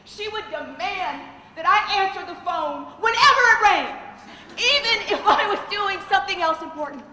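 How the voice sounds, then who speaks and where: A tearful young employee pleading her case in a high, swooping, indignant whine, as a woman puts her on. The voice carries through an echoey hall with a long reverb tail and faint background noise. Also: expressive, normal speed, sharp tone, heavily acted. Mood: aggrieved. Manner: whiny, indignant complaining.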